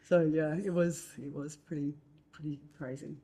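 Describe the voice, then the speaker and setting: Aussie woman chatting, tells a story with lots of likes and ums, lowish mellow voice. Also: normal speed. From Australia. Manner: animated storyteller, acts out quotes in a higher voice. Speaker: host. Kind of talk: casual storytelling chat.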